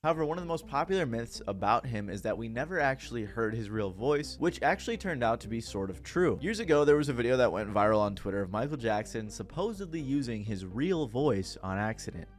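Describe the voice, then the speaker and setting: A man narrating a scripted video in a steady, explanatory way. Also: medium pitch, fairly quick, few pauses.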